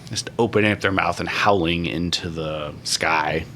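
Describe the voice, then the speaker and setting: A man's voice: deep voice, normal speed, bright, forceful tone, slight background noise. A man running a tabletop game as game master, describing scenes casually with fillers.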